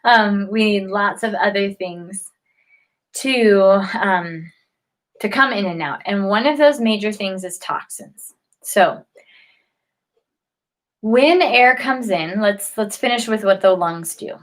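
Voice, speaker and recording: A woman's voice: medium pitch, slow pace, rough recording. Chatty woman yawning through a health talk. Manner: chatty, with frequent fillers and restarts. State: yawning often. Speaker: health educator. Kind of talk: casual talk to camera.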